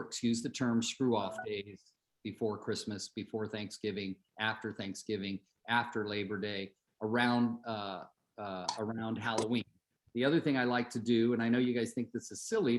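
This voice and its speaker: A middle-aged man coaching real estate agents on a group call, chatty, telling stories and asking the group questions. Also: mid-range voice.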